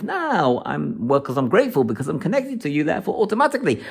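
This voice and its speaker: Animated, emphatic male astrologer. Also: a little high, normal speed, creaky, few pauses, breathy edge. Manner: emphatic and repetitive, often laughing. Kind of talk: weekly astrology forecast talk.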